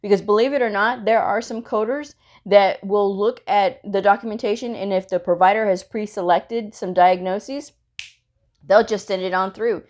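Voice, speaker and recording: A woman's voice: mid-range voice, moderate pace, darkish tone. Middle-aged woman educator, casual and chatty, laughs often. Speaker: medical coding educator. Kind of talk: casual instructional talk.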